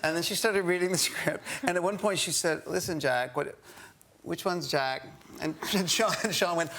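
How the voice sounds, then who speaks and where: A middle-aged man from Canada, an actor guest on a chat show, telling lively anecdotes with frequent laughter. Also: high-pitched, normal speed, noisy background. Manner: animated storyteller, laughing often. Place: television studio with live audience.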